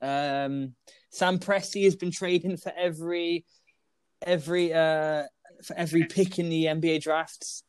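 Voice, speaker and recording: A man's voice: a little high, fairly even intonation, a little slow, smooth, no echo. A young man hosting a casual podcast chat, laughing and teasing his co-hosts. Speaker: podcast host.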